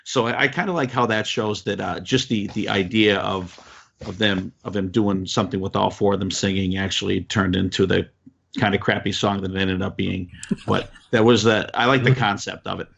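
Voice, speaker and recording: A man co-hosting a podcast in a casual chat, speaking in a halting, stop-start way. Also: on the low side, steady tone, creaky, a bit bright, breathy edge, highs cut off. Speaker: podcast co-host.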